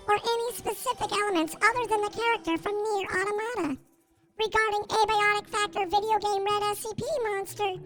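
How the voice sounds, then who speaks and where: A squeaky pitch-shifted robot turret. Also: male voice. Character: chirpy robot turret reading out a bot's answer.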